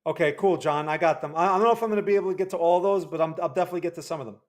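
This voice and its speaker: Casual man with a higher voice. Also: rapid-fire. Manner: casual, frequent tag questions. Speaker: market analyst host. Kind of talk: livestream chart analysis.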